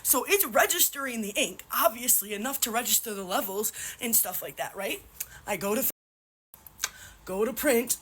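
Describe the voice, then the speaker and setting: A woman's voice: a little high, expressive, moderate pace, fairly bright tone, slight background noise. A woman crying while ranting angrily and profanely in a selfie video. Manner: furious, profane, voice breaking. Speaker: social media poster.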